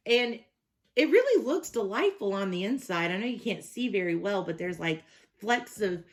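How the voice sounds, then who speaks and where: A young adult woman hosting a casual hot sauce review, chatty and enthusiastic as she reads the labels aloud. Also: mid-range voice.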